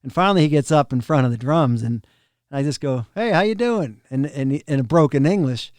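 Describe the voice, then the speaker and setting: A middle-aged man, a drum tech, casually telling backstage stories on a podcast, animated and often laughing. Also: medium pitch, fairly quick, no room sound, clean studio sound. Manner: animated, laughs often, acts out quoted people. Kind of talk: casual storytelling of road anecdotes.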